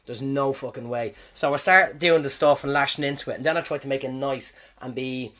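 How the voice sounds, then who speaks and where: A man's voice: medium pitch, a little fast. Irish man telling profane gig stories. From Ireland. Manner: animated, profane, self-mocking. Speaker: stand-up comedian, podcast host. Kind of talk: casual storytelling monologue.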